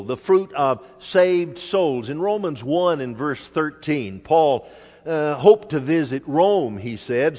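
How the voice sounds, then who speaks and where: An older man preaching a sermon, measured and emphatic, sometimes dropping soft. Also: fairly high pitch. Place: church hall. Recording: reverberant hall.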